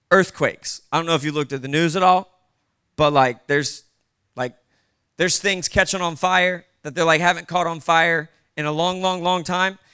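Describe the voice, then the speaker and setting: A man's voice: on the high side, sharp tone, smooth. A male pastor preaching casually, with conversational asides to the congregation. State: short on sleep. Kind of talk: sermon.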